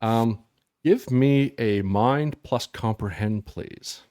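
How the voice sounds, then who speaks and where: A man's voice: medium pitch, slow pace, a little mellow, no echo, clean studio sound. A man narrating as game master of a tabletop game, loose and rambling, with many ums and restarts.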